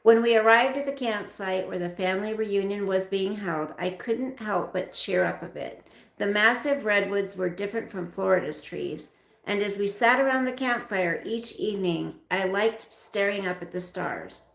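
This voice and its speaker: Gravelly woman reading a memoir aloud. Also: medium pitch, moderate pace, reverberant. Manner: expressive, speaks directly to viewers.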